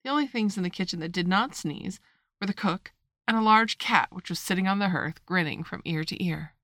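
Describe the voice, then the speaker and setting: Kobieta o niskim głosie czytająca bajkę równym, spokojnym tempem, nagrana blisko mikrofonu, bardzo sucho, bez pogłosu. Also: female voice, on the low side, brisk, a bit bright, no room sound, studio quality. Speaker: narrator. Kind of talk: audiobook reading.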